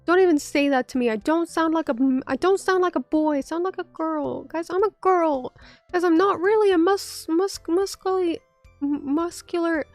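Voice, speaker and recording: Hoarse young woman VTuber, high-pitched and bronchitis-rough. She rambles, curses and bickers with chat over a close, dry mic. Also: normal speed, no room sound, faint music behind. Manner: rambling, self-interrupting, swears, talks back to chat. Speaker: VTuber streamer. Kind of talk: casual live-stream chat.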